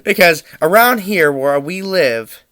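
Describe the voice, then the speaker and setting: Bright-voiced young man telling family tales. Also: high-pitched, slow pace, no echo, studio quality. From Pennsylvania. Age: young adult. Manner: animated, chuckling retelling. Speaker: student storyteller. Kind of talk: anecdotal family storytelling.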